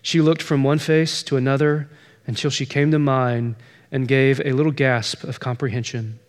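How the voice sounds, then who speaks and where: A man's voice: medium pitch, little pitch movement, normal speed. A man preaching as pastor, telling a story and pressing its point with emphatic repetition. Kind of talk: sermon.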